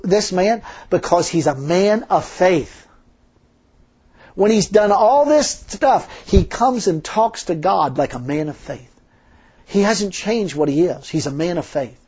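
A man's voice: sits high, darkish tone, breathy edge. A man preaching a sermon in a folksy, emphatic way, full of rhetorical questions. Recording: dull lo-fi sermon recording.

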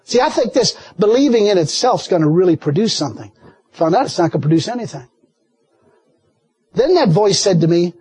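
A man preaching a sermon with folksy, animated storytelling and frequent laughter. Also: high voice, a little fast, slightly rough, no room sound.

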